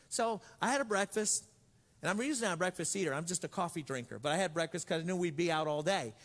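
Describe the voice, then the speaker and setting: A man delivers a sermon with a high voice and a playful storytelling manner, acting out little voices. His voice rings through a large church hall with long reverb. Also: fast, a bit bright. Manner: storytelling, joking, acts out voices. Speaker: pastor.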